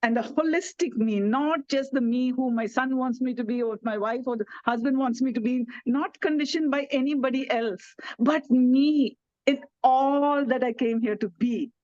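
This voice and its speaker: Woman from India, gentle wellness speaker, slightly high voice, dull video-call audio. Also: moderate pace, dry recording. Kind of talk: online talk to elders.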